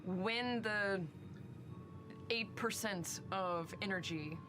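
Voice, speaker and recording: A woman at a tabletop game table, putting hesitant questions to the game master. Her pitch is mid-range for a woman. Music plays clearly behind her. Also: drawn-out words. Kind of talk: casual table talk.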